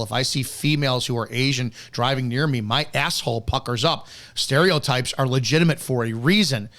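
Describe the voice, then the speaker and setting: A man's voice: on the high side, a bit bright. A man hosting a show on police footage, talking bluntly and profanely as he breaks down a bodycam clip. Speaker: host reviewing police footage.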